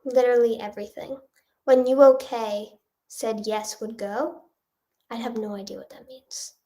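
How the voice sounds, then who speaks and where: A woman's voice: on the high side, steady tone, moderate pace, dark tone. Nasal young woman answering livestream chat. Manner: rambling, filler-heavy, reads chat questions aloud. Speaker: singer-songwriter. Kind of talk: casual livestream Q&A. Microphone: phone or webcam livestream.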